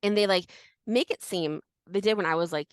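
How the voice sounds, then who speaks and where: Animated young woman podcast host. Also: mid-range voice, fairly quick, smooth, no echo. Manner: animated, many fillers and restarts. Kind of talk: casual history chat.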